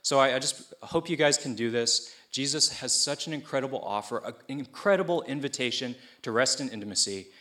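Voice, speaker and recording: Speaking in a mid-range, sharp voice, a pastor preaches to students briskly, with hardly any pauses. His style is casual and conversational, like a youth pastor, and he keeps checking in with his listeners.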